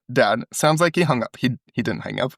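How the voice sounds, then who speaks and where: A man's voice: mid-range voice, expressive, normal speed, no echo, studio quality. A man co-hosting a podcast, reading a phone call transcript aloud and acting out the quoted lines. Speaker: podcast co-host.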